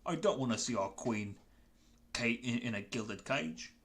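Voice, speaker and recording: A man's voice: mid-range voice, expressive, measured pace, fairly bright tone. Man doing a Cockney goblin leader. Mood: pleading. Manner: Michael Caine-style delivery. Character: weary pleading male goblin leader.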